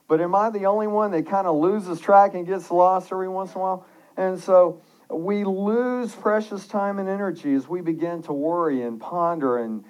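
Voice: medium pitch, a little mellow, poor audio. Earnest pastor preaching a sermon. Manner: earnest, conversational preaching with frequent restarts; reads scripture and devotional passages aloud.

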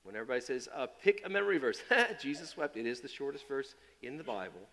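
A man preaching a sermon. His delivery swings from loud, emphatic build-ups to quiet, low asides, and he often repeats and restarts phrases. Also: sing-song, fast, long reverb tail. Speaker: pastor.

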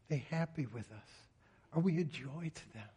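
A man's voice: a little high, animated, normal speed, warm tone, husky, muffled recording. A man preaching a sermon in an earnest way, often voicing a psalmist's pleas in prayer. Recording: reverberant hall.

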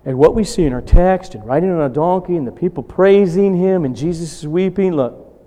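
A man preaching a sermon, asking rhetorical questions and swinging between loud emphatic bursts and hushed asides. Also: high voice, a little fast. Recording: long hall reverb.

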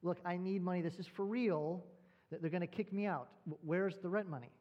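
A man's voice: sits high, a little fast, lo-fi sound, close to an everyday voice. A preacher voicing a broke, frustrated young man who pleads in an agitated, raised voice.

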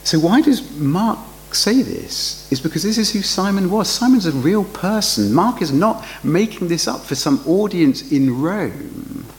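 Slow, animated preacher. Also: male voice, sits high, low-quality recording. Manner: lively, questioning, with rhetorical asides. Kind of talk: sermon.

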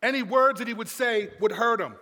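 A male preacher with a very high, bright voice delivers a sermon to a congregation. He moves between near-whispered reflection and shouted storytelling. Long reverb from a large hall trails every phrase. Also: a little fast. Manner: swings from hushed to shouting, storytelling.

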